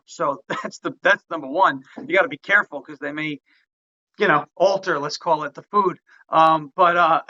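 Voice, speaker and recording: A man speaks as an interview guest, rambling and chuckling his way through his answers. His voice is sharp and bright and sits a little high. The audio is muffled and lo-fi. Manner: rambling, chuckling, many fillers. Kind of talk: interview conversation.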